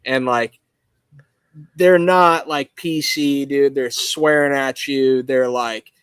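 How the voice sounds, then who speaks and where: A man from Arizona with a relaxed, rambling way of talking full of fillers, a guest in a casual podcast interview from his welding shop over a video call. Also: mid-range voice, slow, clean tone, no echo. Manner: laid-back, rambling, filler-heavy talk.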